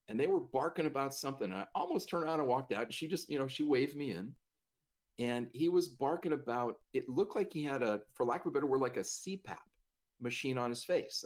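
A man's voice: medium pitch, darkish tone. A man telling a personal story in a casual, self-deprecating way, laughing now and then as he talks. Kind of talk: conversational storytelling.

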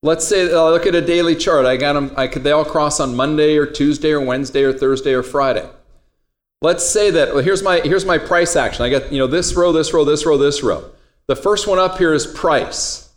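A man's voice: on the high side, fairly quick. Joking man teaching a class. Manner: casual, joking, talks to students directly. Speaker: trading instructor. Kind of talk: classroom lecture.

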